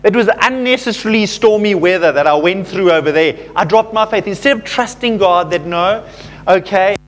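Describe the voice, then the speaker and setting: High-voiced man preaching conversationally. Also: animated, fairly quick. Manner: conversational, self-deprecating storytelling with fillers. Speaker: pastor. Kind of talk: sermon.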